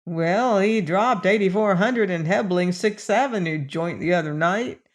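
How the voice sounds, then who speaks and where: Woman reading a cocky slangy young guy, slow and easy, audiobook. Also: mid-range voice, close to an everyday voice. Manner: cocky, slangy street talk. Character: brash slangy young man on the make. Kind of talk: audiobook character voice.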